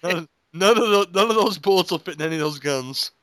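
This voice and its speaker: A man co-hosting a casual film commentary podcast, joking and teasing the others with quick comic riffs. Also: sits high, animated, a bit bright, no room sound. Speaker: podcast co-host.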